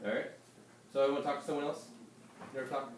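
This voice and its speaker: A male teacher giving a lively, hands-on classroom lecture and speaking directly to his students. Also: medium pitch, quick pace, roomy sound, slight background noise.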